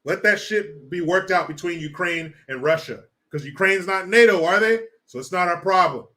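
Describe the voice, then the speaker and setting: A man's voice: sits high, moderate pace, sharp tone. A man hosting a casual livestream, reading chat and ranting with lots of profanity and laughter. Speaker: live stream host.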